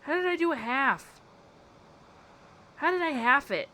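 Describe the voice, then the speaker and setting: Young female streamer, bright tone, casual chat, quick exasperated reactions. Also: high-pitched, animated. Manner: playful, exasperated, reacting to chat with frequent laughter. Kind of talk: casual live-stream chat while building in a game.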